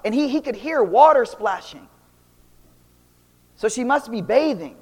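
High-voiced young man, echoing hall. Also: unhurried, husky, lo-fi sound. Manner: animated, slangy, shifting loud and quiet. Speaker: speaker giving an Islamic talk. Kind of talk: casual storytelling lecture. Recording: long reverb of a hall.

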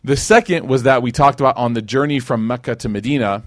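A man's voice: mid-range voice, fast, no echo, clean studio sound. A man from Chicago teaching a conversational sermon, telling stories with slang and acted-out quotes. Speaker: Islamic teacher. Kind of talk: casual sermon.

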